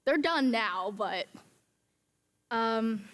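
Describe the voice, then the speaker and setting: A teenage girl casually introducing her song onstage in a chatty, relaxed way. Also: fairly high pitch, extremely slow. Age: late teens. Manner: chatty, relaxed, lots of fillers. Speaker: student performer.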